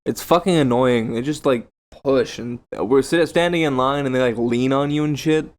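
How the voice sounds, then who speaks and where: A young man with a Texan accent tells stories in a blunt, crude, easygoing way. His voice sits at an ordinary mid pitch. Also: moderate pace. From Texas. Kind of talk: casual chat.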